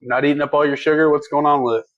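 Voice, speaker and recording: A man's voice: a little high, fairly even intonation, racing, dry recording, lo-fi sound. A man co-hosting a livestream, chatting casually and folksily as he reads viewer comments. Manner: laid-back, folksy, laughs easily. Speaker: livestream co-host.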